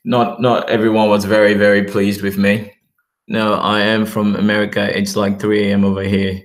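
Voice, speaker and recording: A man's voice: lowish voice, monotone, normal speed, roomy sound. A man with a mixed Australian and British accent, rambling in a casual livestream chat as he talks to viewers.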